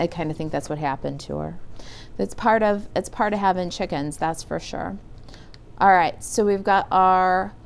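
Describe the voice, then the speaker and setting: A woman's voice: on the low side, creaky, a little mellow, slight background noise. A middle-aged woman demonstrating paper crafts on a live stream, chatting and reading viewer comments aloud. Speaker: stamping demonstrator.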